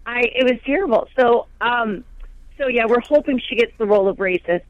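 A woman in her thirties, a comedian guest telling sarcastic, rapid comic stories on a radio show. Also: fairly high pitch, dry recording, muffled recording.

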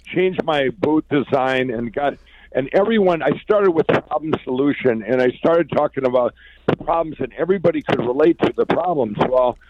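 A man from Minnesota talks as an interview guest, recounting his business story with restless excitement. He restarts sentences often and piles on fillers. His audio sounds muffled and lo-fi. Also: mid-range voice, normal speed, very noisy. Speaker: guest, pillow company founder. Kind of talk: conversational storytelling.

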